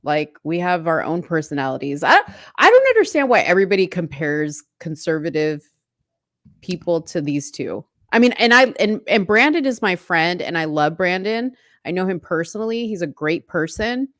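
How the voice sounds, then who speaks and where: A woman co-hosting a casual live-stream chat, animated and asking probing questions. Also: fairly low pitch, normal speed, no room sound, clean studio sound. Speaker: co-host.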